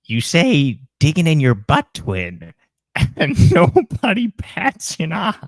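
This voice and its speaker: A man doing an impression of the Joker as a chronically online man, with a high, gleeful, drawn-out delivery. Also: wildly swooping pitch, dry recording, exaggerated voice.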